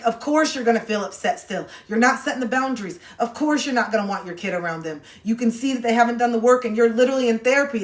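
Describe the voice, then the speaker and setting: Blunt, sarcastic woman on a phone livestream. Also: medium pitch. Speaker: livestreamer giving advice. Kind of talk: casual livestream advice talk. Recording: roomy echo.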